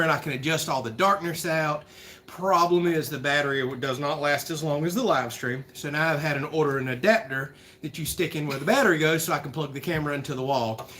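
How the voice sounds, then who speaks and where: A man hosting a casual livestream Q&A, chatty and rambling and quick to laugh, recorded on a phone camera. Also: fairly high pitch, a bit bright, slight background noise. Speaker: livestream host.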